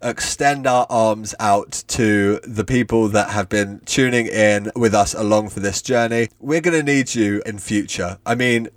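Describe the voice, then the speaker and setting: A man's voice: fairly low pitch, unhurried, hardly any pauses, dry recording. A man co-hosting a podcast, chatting in a wry, playful way and reading a silly story aloud with mock drama. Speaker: podcast co-host. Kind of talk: casual chat and reading aloud.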